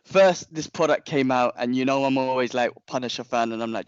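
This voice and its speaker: A young man chatting on a podcast, he rambles through his story with plenty of slang and restarts. His voice sits at an ordinary pitch and sounds muffled and lo-fi, recorded dry with no room echo. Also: fairly quick, clean tone. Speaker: podcast co-host. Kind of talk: casual chat.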